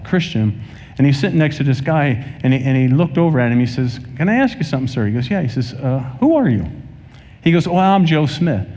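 A man preaching a sermon to a congregation, telling stories and acting out the people in them with lively energy. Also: mid-range voice. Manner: animated preaching, acts out dialogue in anecdotes. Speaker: pastor. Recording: long hall reverb.

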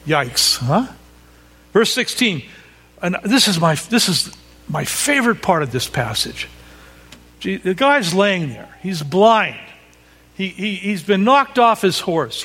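A man preaching an expository sermon, animated and conversational, checking in with his listeners as he reads and explains scripture. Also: high-pitched. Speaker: pastor. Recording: long hall reverb.

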